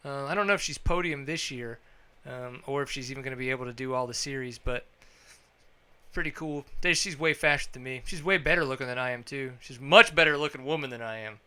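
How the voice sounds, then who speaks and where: A man hosting a casual motorsport podcast, upbeat and joking, with sudden bursts of high energy. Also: fast talker, bright, forceful tone, smooth. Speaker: podcast host.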